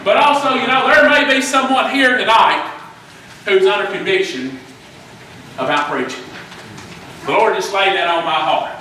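A middle-aged man, preaching a fervent sermon that climbs into shouting, often repeating words as he restarts. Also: high voice, moderate pace, long pauses. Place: church. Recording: echoey room from a distance, faint noise.

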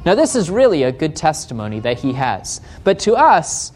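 An American man preaching a sermon as pastor, reading scripture aloud and slowing down to stress key points, with a gentle touch of humor. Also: fairly high pitch, wildly swooping pitch. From United States.

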